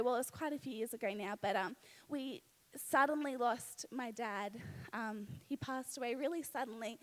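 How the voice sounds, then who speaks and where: A woman's voice: high voice, a little mellow. A young Australian woman, pregnant, preaching at a live church service on a stage mic, earnest and conversational with frequent "you know what" asides.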